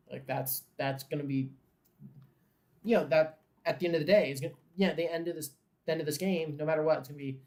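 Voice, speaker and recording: Male watchalong host, a bit higher-pitched, frustrated fan who turns into an eager play-by-play caller. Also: normal speed. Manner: frustrated fan grumbling, swearing, bursts of excitement on big plays. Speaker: host of a live game watchalong. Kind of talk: casual live game commentary.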